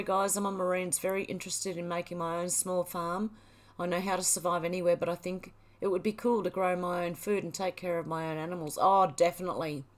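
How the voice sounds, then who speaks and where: A middle-aged woman hosting a livestream, reading viewer comments aloud and chatting back casually. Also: lowish voice. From Australia. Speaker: livestream host reading chat. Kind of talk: casual chat.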